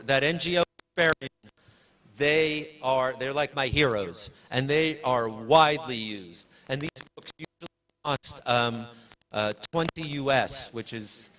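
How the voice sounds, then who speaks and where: A man's voice: medium pitch, a little slow, sharp tone. A man giving a live presentation at a library launch, chatty and rambling, often correcting himself and giving directions to his helpers. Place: university event hall.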